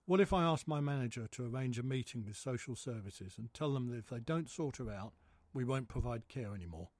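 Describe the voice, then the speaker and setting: A man's voice: mid-range voice, expressive, a little fast, darkish tone, dry recording, close to an everyday voice. A man voicing a pushy, pleading female care agency coordinator who coaxes and wheedles. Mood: coaxing. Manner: coaxing, wheedling.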